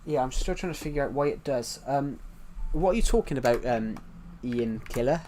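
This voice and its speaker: A man's voice: medium pitch, expressive, moderate pace, mellow, slight background noise. A British man chatting casually on a live stream while playing, rambling and repeating himself as he answers viewers' chat. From United Kingdom.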